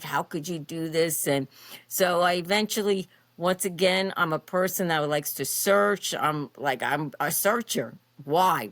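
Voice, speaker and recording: A woman in her fifties, a podcast guest, telling her personal story in an expressive, animated way with frequent fillers. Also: low voice, no echo.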